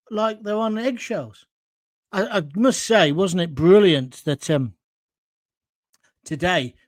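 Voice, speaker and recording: Brief: blunt, rambling middle-aged male host from Coventry, higher voice, very dry close sound. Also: no room sound. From Coventry, England. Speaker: online show host. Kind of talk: opinionated monologue reading viewer comments.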